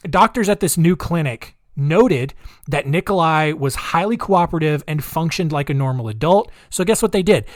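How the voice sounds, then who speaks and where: A man's voice: a little high, no room sound, studio quality. A man hosting a podcast, telling a true-crime story casually with a sarcastic, giggly, incredulous manner. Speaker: podcast host.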